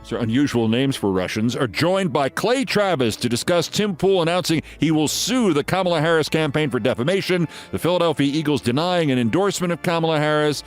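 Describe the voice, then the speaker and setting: A man from New York delivers scripted political commentary with sarcastic, theatrical flair. His voice sits fairly high and swoops widely in pitch. Faint music plays underneath. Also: expressive, a little fast, few pauses. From New York, USA.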